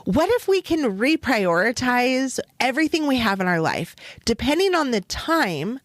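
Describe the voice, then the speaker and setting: A woman hosting a wellness podcast, speaking directly to the listener in a gentle, reflective, encouraging way. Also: on the high side, big pitch swings, normal speed, no room sound. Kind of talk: gentle motivational talk.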